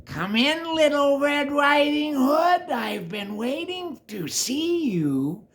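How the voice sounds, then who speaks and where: The big bad wolf from a storybook puppet show, as an older man puts him on, in a sly, coaxing falsetto meant to pass for a grandma. The lines are slow and stretched out, with lively swoops of pitch. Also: exaggerated voice.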